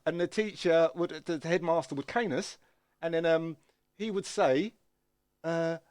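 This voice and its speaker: Brief: middle-aged bloke, podcast co-host, lively storyteller, higher voice, dry close sound. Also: male voice, measured pace, clear, resonant tone, dry recording. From South London, England. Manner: animated storytelling, interrupts with "hold on" and "mush". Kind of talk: casual chat.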